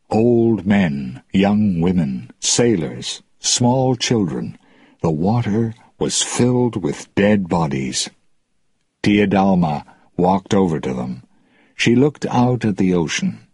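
A man narrating an audiobook in a slow, deliberate, plain reading. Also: low-pitched, very animated, mellow, breathy edge, no echo.

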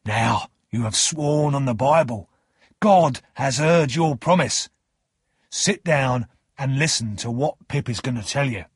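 A man voicing an old male escaped convict, slow, solemn and insistent, with a husky voice. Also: medium pitch, no echo, studio quality.

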